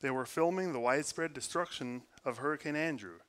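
A man preaching a sermon, earnest, moving between forceful emphasis and quiet, hushed prayer. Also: a little high, a little fast. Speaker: pastor.

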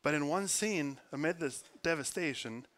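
A man's voice: on the high side, moderate pace. Earnest man preaching a sermon. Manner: earnest, swings between loud emphasis and soft quiet prayer. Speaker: pastor.

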